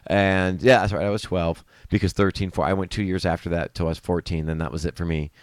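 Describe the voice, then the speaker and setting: A man's voice: sits low, little pitch movement, quick pace, dry recording. A middle-aged man telling family stories to a live stream, rambling, laughing often and correcting himself as he goes. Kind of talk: casual storytelling to a live stream.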